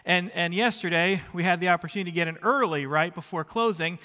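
A man's voice: high-pitched, fast talker, bright, forceful tone, long reverb tail. A middle-aged man preaching a sermon in a church sanctuary, chatty and self-deprecating, who keeps checking in with the congregation. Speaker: pastor. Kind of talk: sermon with personal stories.

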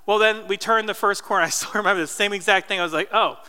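A pastor in his thirties from New Jersey preaches a story-driven sermon in a casual way, with asides aimed at the congregation. He's a fast talker with a high, bright, forceful voice, recorded cleanly in a reverberant church hall.

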